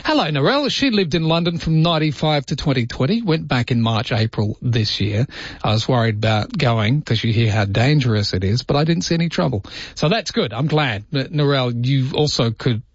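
Male overnight talkback host, friendly and chatty, husky tone, dull radio sound. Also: medium pitch, fairly quick, dry recording. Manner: chatty, reads out listener texts and greets callers by name. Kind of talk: late-night talkback radio.

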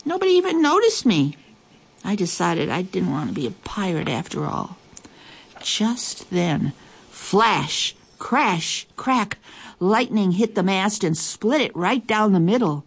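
A woman reading a children's story aloud in a lively, expressive way. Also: medium pitch, measured pace, gravelly, breathy edge. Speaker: storybook reader.

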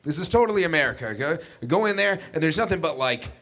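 Halting, self-deprecating young male comic. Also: fairly high pitch, expressive, a bit bright. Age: 20s. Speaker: stand-up comedian. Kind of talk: stand-up comedy set.

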